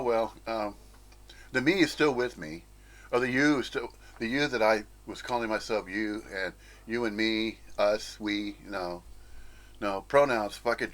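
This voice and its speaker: A man's voice: on the low side, fairly bright tone. A man giving a blunt, profane, emphatic monologue on spiritual teachings. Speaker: spiritual commentator. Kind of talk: ranting monologue.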